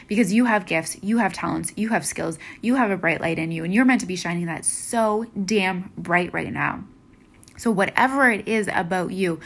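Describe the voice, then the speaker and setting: A woman in her thirties giving an earnest motivational monologue, full of repeated affirmations and casual fillers. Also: mid-range voice.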